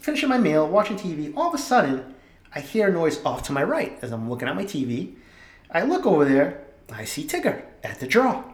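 A young man, hosting a podcast and telling stories in an animated, profane, jokey way. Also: fairly high pitch, brisk, roomy sound. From Boston area. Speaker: podcast host. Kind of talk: casual storytelling monologue.

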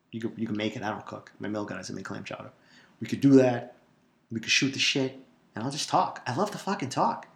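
A man's voice: fairly low pitch, fast talker, creaky. Brash profane man with a Boston accent. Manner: profane, rambling, brash, jokey. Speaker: podcast host. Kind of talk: casual solo podcast monologue. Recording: echoey room.

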